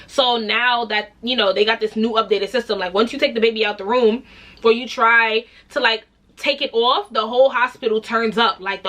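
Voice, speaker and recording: A young woman telling a story in a casual vlog, animated and candid, swearing freely and acting out other people's voices. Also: a little high. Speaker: vlogger.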